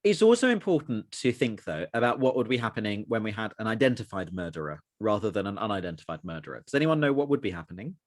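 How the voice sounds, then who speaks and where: A man's voice: on the low side, very animated, quick pace, few pauses, no room sound, studio quality. A man leading a religious study session, explaining texts at length and putting questions to the group. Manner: explanatory, asks the group questions, many fillers. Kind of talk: teaching a group discussion.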